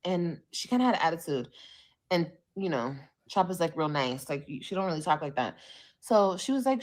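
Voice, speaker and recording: A woman from California, hosting a livestream podcast and telling a story in a casual, animated, profane way. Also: lowish voice, a little fast. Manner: animated, profane, switches voices when quoting others. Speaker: podcast host.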